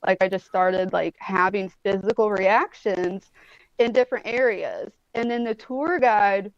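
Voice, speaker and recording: In a casual chat, a guest in her forties from Indianapolis tells stories in a loose, rambling way, cursing freely and filling gaps with "like" and "um." Her voice is mid-range and unhurried, with fairly even intonation. Heard over a phone or tablet on a video call, the sound is dull and free of echo.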